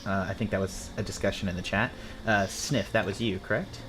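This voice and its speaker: A man narrating as game master of a tabletop game, rambling with quick asides. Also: lowish voice, steady tone, noisy background.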